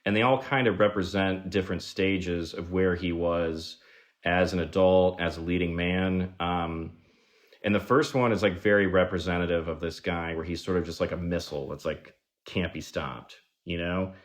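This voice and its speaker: Low-voiced man telling animated stories. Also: moderate pace. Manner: animated, says "like" a lot, acts out quoted people. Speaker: guest screenwriter. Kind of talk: casual podcast storytelling.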